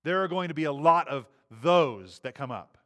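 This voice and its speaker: A pastor preaching a sermon in a conversational style, often restarting phrases and rising emphatically on key lines. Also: male voice, on the high side, expressive, moderate pace, pushed and bright.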